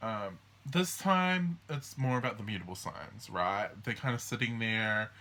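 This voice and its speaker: A man's voice: lowish voice, pushed and bright. A man hosting a casual astrology walkthrough, rambling and hesitant with many ums and restarts. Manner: acts out the signs in quick quoted voices. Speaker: astrology host.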